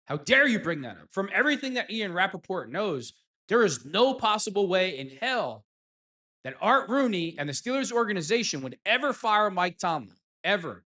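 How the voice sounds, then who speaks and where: A man's voice: sits high, very animated, normal speed, pushed and bright. A man hosting a fan reaction show, ranting heatedly and sarcastically at sports pundits. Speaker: sports commentary host.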